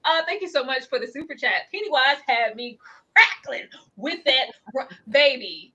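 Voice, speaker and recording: Lively high-voiced woman laughing through a review. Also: normal speed, breathy edge, dull audio. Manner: animated, laughs often, acts out characters. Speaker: co-host of a TV review show. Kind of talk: casual review chat.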